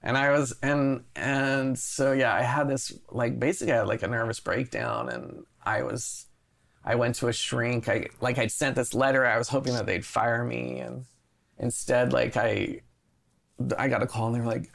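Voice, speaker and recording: A man in his forties tells a long personal story as a guest, with a gravelly, fry-tinged voice at a mid pitch. He keeps interrupting himself and starting over, and his delivery is animated and unpolished. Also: moderate pace. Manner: rambling, self-interrupting, animated.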